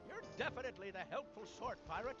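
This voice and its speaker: An actor playing a brisk, approving male game character, heard through muffled game audio. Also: sits high, lively intonation, over loud music.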